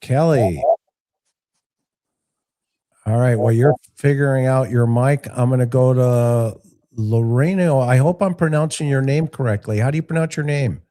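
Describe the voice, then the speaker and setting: A man's voice: mid-range voice, measured pace, dark tone. A man hosting a live call-in show, talking with callers in an easygoing, playful and direct way. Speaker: host taking live callers.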